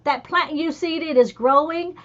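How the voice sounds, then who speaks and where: A middle-aged woman hosting a casual chat, telling animated stories. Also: high voice, a little slow, highs cut off. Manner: chatty, animated storyteller. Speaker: host.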